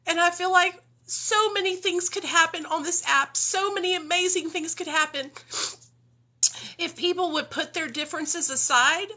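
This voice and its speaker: Blunt emotional high bright woman streamer. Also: moderate pace. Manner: blunt, swearing, talks straight to her viewers. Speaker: livestreamer in recovery. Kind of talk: emotional unscripted livestream talk.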